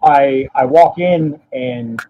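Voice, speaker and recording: A man, a podcast guest telling a painful personal story in a halting, profane way, stopping now and then to steady himself. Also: medium pitch. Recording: dull lo-fi audio.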